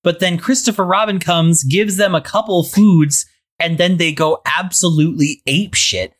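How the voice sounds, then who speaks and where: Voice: mid-range voice, normal speed. Rambling casual podcast talker. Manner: rambling, lots of "like" and "um". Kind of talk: casual chat.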